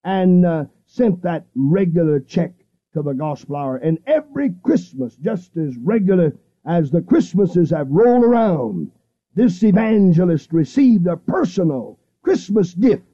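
A middle-aged man preaching a radio sermon, fervent and repetitive, with emphatic pauses, seated at a studio microphone. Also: high-pitched, big pitch swings, dark tone, husky, highs cut off. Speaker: radio evangelist.

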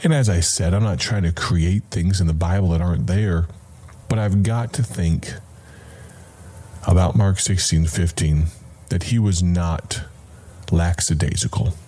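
Calling the listener his friend, a man hosting a radio Bible program gives a reflective devotional sermon in a conversational style. His voice sits low with a dark tone, and his delivery is slow, deliberate and punctuated by pauses.

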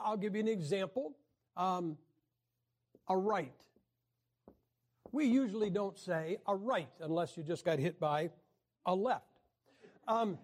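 A man teaching a class on the Bible in a wry, joking lecture style, often clearing his throat. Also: high-pitched.

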